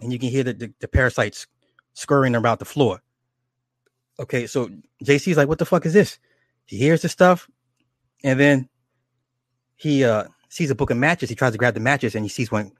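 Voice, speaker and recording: A man recounting a horror film's plot in an excited, swearing, rambling way, stumbling over restarts as he goes. His voice sits at an ordinary middle pitch, and the recording is dry and close, with no room sound. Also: no echo. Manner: animated and profane, with many restarts and acted quotes. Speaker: storyteller recounting a horror movie. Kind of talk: casual rambling plot retelling.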